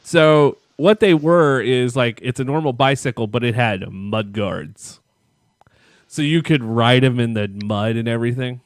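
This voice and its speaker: A man's voice: mid-range voice, measured pace, no room sound, clean studio sound. A man co-hosting a podcast, telling a long, profane childhood story in a rambling way and laughing at himself. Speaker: podcast co-host. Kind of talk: casual storytelling chat.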